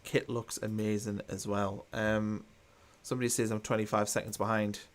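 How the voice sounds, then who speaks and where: A man's voice: fairly low pitch, level tone, normal speed. Chatty man. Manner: chatty, reads viewer comments aloud, mildly sarcastic. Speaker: watchalong host. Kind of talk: live football watchalong commentary.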